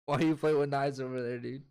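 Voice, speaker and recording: A man's voice: mid-range voice, smooth. A young man co-hosting a casual movie review chat, retelling scenes with swearing and laughter. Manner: animated, profane, laughs while retelling scenes. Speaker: co-host.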